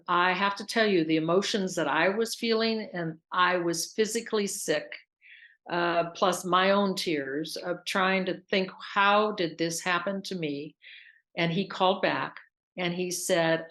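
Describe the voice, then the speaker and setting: A woman's voice: on the low side, a bit bright. A woman telling her own story as an interview guest, earnest and intense, repeating herself for emphasis. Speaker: interview guest, scam victim. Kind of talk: emotional personal account.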